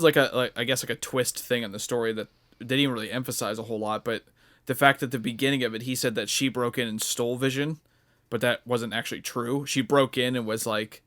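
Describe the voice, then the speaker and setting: A man's voice: medium pitch, a bit bright. Rambling young man chatting casually. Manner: rambling, many fillers and restarts. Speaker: podcast co-host. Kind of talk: casual chat.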